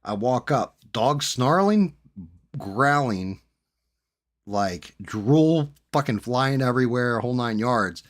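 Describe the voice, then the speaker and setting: A man's voice: mid-range voice, takes it slowly. Profane man telling a wild story. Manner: profane, animated anecdote telling. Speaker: streamer host. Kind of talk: casual storytelling.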